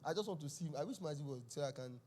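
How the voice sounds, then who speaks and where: A man's voice: fairly high pitch, animated, rapid-fire, dark tone. A young man preaching a sermon at a church service, telling the story with laughs and exclamations. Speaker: pastor.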